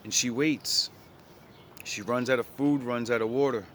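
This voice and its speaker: A man's voice: medium pitch, steady tone, normal speed, a bit bright, slight background noise. A man casually retelling an old story in his own words, blunt and full of profanity and slang.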